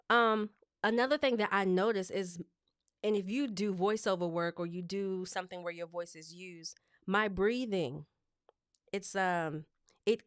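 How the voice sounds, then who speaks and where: A woman hosting a live show as a speech coach, talking in a lively, expressive, conversational way. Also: lowish voice, clear, resonant tone, dry recording, clean studio sound.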